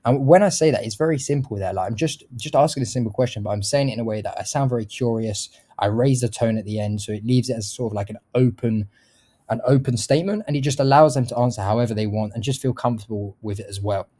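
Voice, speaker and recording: A man's voice: medium pitch, fast, warm tone. A man giving a casual sales lesson, explaining bluntly, swearing now and then, and demonstrating how to shift his tone. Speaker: sales trainer. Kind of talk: casual instructional talk.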